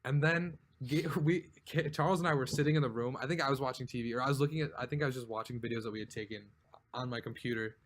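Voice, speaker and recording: A man's voice: medium pitch, fast talker. A man co-hosting a casual podcast, telling a long, rambling story with frequent laughs and lots of "like". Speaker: podcast co-host. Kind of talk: casual chat.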